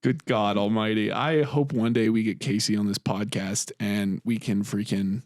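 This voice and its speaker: Animated man chatting on a podcast. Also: lowish voice, normal speed, no echo, clean studio sound. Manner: animated, laughs often, swears casually. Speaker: podcast co-host. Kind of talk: casual chat.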